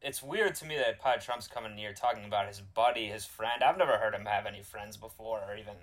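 A man's voice: lowish voice, quick pace, a bit bright. Fields: Sex: man. Role: podcast co-host. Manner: teasing. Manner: teasing, stammering restarts. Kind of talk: casual comedic chat.

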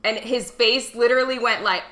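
A woman's voice: fairly high pitch, normal speed, sharp tone. A woman guest on a podcast, chatting casually and imitating people in her stories. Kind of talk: casual chat.

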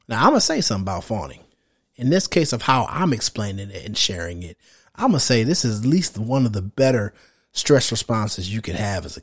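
A man in his thirties hosting a podcast, giving casual, direct advice in a slangy, animated way and acting out what other men might think. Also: lowish voice. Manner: animated, slangy and direct, acts out quoted thoughts. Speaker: podcast host.

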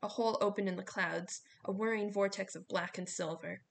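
A woman reading a novel aloud, steady storytelling with small slips. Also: medium pitch, brisk, vocal fry, slight background noise. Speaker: audiobook reader.

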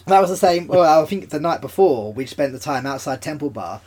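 A man's voice: a little high, animated, brisk, a little mellow, a little hiss or hum. A young man co-hosting a podcast, telling stories in casual chat, laughing often and using lots of fillers. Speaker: podcast co-host.

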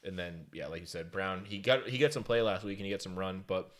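Guy rattling off takes fast, bright tone, jokey and self-mocking. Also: deep voice. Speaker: podcast co-host. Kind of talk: casual fantasy football chat.

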